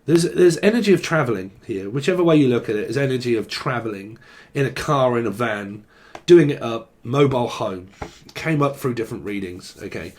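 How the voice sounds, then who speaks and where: A man talks through a tarot reading in a loose, meandering way, drifting from one word to the next. He jokes around and swears casually, and his voice sits at an ordinary middle pitch for a man. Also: expressive, a little fast, darkish tone. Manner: loose and jokey, swears casually, free-associates on words. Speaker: tarot reader. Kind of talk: rambling solo tarot reading to camera.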